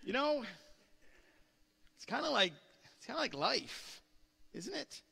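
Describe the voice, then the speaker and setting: A man's voice: very high-pitched, very animated, slow, creaky, bright, forceful tone, husky. A man preaching a sermon as pastor, telling a story earnestly with many restarts. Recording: long hall reverb.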